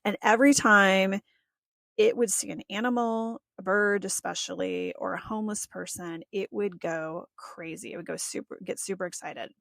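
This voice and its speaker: A woman's voice: medium pitch, steady tone, normal speed, gravelly, fairly bright tone, no room sound. A woman hosting a podcast, telling a personal story in a chatty way, often laughing and acting out what people said. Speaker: podcast host.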